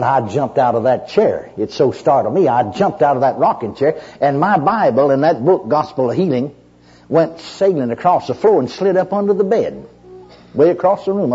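Very husky lively-voiced male preacher. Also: mid-range voice, dull audio. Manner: folksy storyteller, repeats "you know", restarts often. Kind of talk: sermon with personal testimony.

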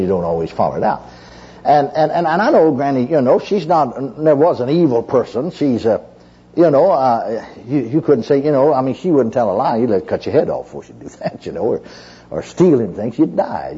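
Male preacher telling his testimony from the pulpit, folksy and rambling, animated swinging pitch, muffled old recording. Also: slightly rough. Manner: folksy storyteller, repeats "you know", restarts often. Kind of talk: sermon with personal testimony.

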